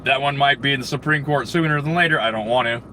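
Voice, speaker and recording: A man's voice: mid-range voice, fast talker, pushed and bright, a little hiss or hum. A man hosting a livestream, ranting crudely and angrily in a rambling way full of fillers and restarts. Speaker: livestream host. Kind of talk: profane ranting monologue.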